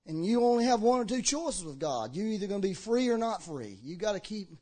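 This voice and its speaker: High-voiced man preaching with fervor. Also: sing-song, a little fast. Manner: impassioned, swinging between shouting and low earnest talk. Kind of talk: sermon. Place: church hall with a congregation.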